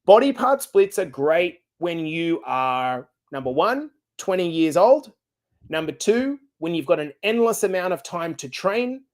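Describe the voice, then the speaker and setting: A middle-aged man hosting a fitness podcast, coaching listeners in an energetic, direct and casual way. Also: sits high, unhurried. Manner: energetic, direct, casual and blunt with occasional swearing. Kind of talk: podcast monologue.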